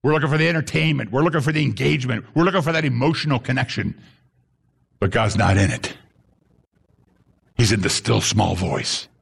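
Gravelly man preaching a sermon. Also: animated, fairly quick, long pauses. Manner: preachy, rising to high-pitched emphatic bursts. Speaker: pastor.

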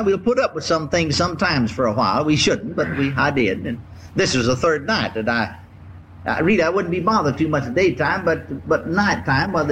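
Older male preacher, folksy storyteller, lively swooping voice, faint hiss behind. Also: on the high side, poor audio. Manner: folksy, repetitive, drawn-out emphasis. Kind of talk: sermon storytelling. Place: church before a congregation.

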